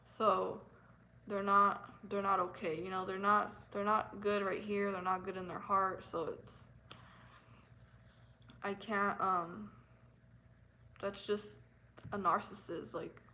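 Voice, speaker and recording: A young woman telling a painful personal story on her vlog, emotional and halting, repeating herself with nervous laughs. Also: mid-range voice, level tone, bright, forceful tone, a little hiss or hum, poor audio. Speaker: vlogger.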